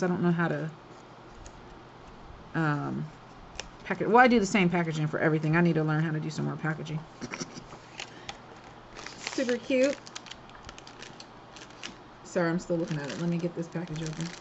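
A woman's voice: lowish voice, creaky, a little hiss or hum. Chatty craft lady unboxing stuff, gushes and giggles a lot, kinda muffled recording. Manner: chatty and gushing, laughs often. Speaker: craft swap host. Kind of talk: casual craft unboxing chat.

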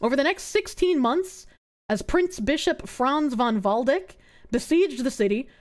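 Lively high-voiced woman streamer. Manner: swearing, sarcastic asides to chat. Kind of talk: reading history aloud with live commentary.

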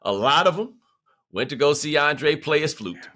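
A man's voice: on the high side, lively intonation, normal speed, sharp tone. Man rambling loosely as co-host. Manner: loose, rambling storyteller with lots of repeats. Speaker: podcast co-host. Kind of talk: casual sports talk banter.

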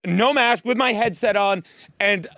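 A man, a podcast co-host telling a profane, animated comedic rant in a studio booth. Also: high-pitched, measured pace, no echo. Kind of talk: comedic rant, casual chat.

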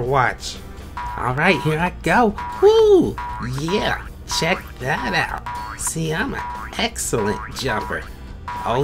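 A man's voice: fairly high pitch, heavily acted. Man doing a boastful goat contestant. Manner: boastful, excited. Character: eager male goat show contestant. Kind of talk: animated game video voice acting.

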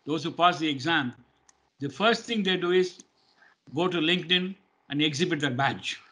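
Male webinar presenter, bright and a bit high-pitched, explanatory, filler-heavy. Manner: plain and explanatory, with many fillers. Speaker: webinar presenter, training firm head.

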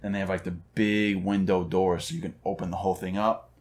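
A man's voice: deep voice, flat delivery, a little fast. A man co-hosting a podcast, chatting casually and telling stories. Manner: laid-back, swears casually, acts out funny stories. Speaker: podcast co-host. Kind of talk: casual chat. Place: cigar lounge podcast set.

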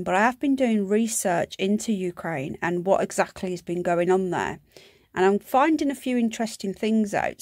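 A woman's voice: medium pitch, no room sound, clean studio sound. A woman from the UK giving a casual, incredulous commentary to her viewers as a vlogger. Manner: incredulous, exasperated ranting.

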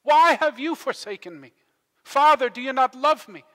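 A man's voice: extremely high pitch, animated, moderate pace, voice pushed up. A man doing Jesus crying out in anguish. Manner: loud, desperate crying out. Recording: long church-hall reverb.

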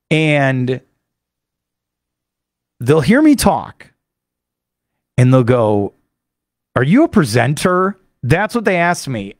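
An American man, a sports radio host, talking fast and eagerly in a studio monologue. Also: fairly high pitch, no room sound. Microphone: studio microphone.

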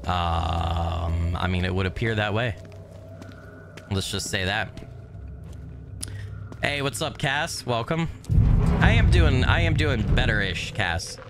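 A man casually commentating his game on a live stream, greeting viewers by name and swearing offhandedly, his voice a little hoarse from recovering. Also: lowish voice, slow pace, long pauses, music in the background. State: voice still recovering, slightly hoarse. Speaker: gaming streamer.

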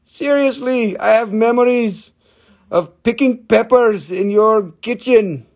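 A man's voice: very high-pitched, slow pace, darkish tone. A man in his forties hosting a live gemstone sales stream, chatting in a playful, rambling, jokey way and swearing casually. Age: 40s.

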